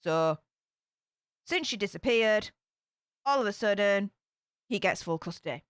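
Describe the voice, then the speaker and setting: A woman's voice: mid-range voice, expressive, a little slow, smooth, no echo, clean studio sound. A woman hosting a casual true crime commentary, chatty and speculative, with filler-heavy asides. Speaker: true crime channel host.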